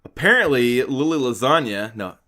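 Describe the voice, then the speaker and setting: A man's voice: medium pitch, lively intonation, moderate pace, pushed and bright. A man co-hosting a casual podcast, joking around and tripping over names. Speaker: podcast co-host.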